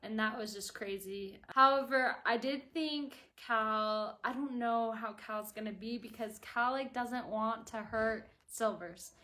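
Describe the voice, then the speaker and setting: Gushing, high-voiced woman reviewing a book. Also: takes it slowly, few pauses, sharp tone. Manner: gushing and chatty, with constant "like" fillers. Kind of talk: casual video review.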